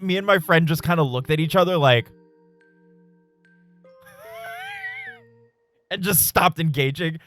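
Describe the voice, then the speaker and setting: A man streaming a game and telling a story in a casual, animated way, swearing and laughing often. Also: on the high side. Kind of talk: casual live-stream chat while gaming.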